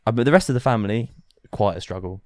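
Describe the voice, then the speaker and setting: A man's voice: fairly low pitch, fast talker, a little mellow, no echo, clean studio sound. A man co-hosting a casual podcast, teasing and telling stories with frequent laughs. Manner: teasing storyteller, laughs a lot. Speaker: podcast co-host. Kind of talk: casual chat.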